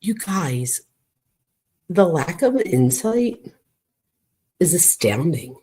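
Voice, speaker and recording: Slow, chatty woman true crime host. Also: on the low side, very animated, dark tone, husky. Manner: chatty asides to viewers, incredulous. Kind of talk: casual commentary reading text messages aloud.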